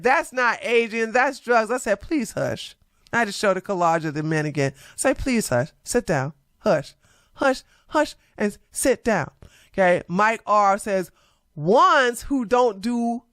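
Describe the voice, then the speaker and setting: A woman vlogger reacting to social media replies in a brash, sassy, confrontational way, with loud laughs. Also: mid-range voice, no echo, clean studio sound. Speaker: commentary vlogger.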